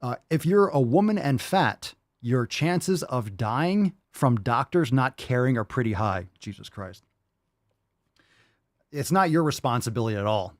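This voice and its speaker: A man's voice: mid-range voice, animated, unhurried, no echo, studio quality. A man hosting a livestream podcast, reacting to clips with a profane, exasperated rant. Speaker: podcast host.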